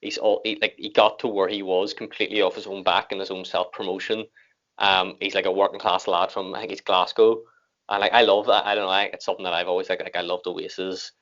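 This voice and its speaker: An Irish man talks quickly and casually, rambling through his thoughts with fillers and restarts. His voice sits fairly low. The recording sounds dull and lo-fi. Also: little pitch movement, fairly bright tone. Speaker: reaction video host. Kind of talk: casual chat. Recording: dull lo-fi audio.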